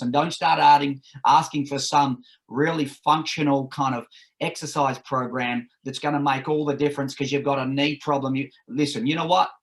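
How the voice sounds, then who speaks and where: A man speaking as an energy coach on a podcast, giving blunt, forceful advice and swearing now and then. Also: medium pitch.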